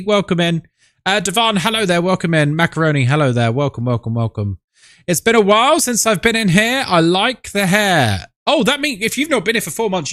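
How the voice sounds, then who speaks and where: A man's voice: fairly high pitch, fairly bright tone, no echo, clean studio sound. A man hosting a live stream, greeting his viewers by name in a chatty, playful, affectionate way.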